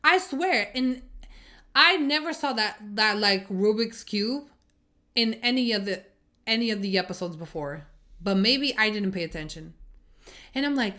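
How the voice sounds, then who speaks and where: A woman casually reviewing TV episodes in a chatty, expressive, rambling way, swearing freely and thinking out loud. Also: fairly high pitch, moderate pace. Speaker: TV series reviewer. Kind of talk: casual spoken review vlog.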